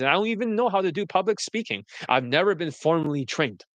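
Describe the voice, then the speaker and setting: A man coaching on dating, talking bluntly and directly on a livestream and slipping into a polished sales-pitch delivery. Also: lively intonation, fast, dry recording. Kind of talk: livestream talk mixing sales pitch and casual chat.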